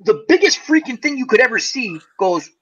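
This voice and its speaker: With a very high, husky voice and a brisk delivery, the host of a casual fireside chat tells a long, spirited story. He acts out other people's voices and laughs often, and the sound is muffled and lo-fi.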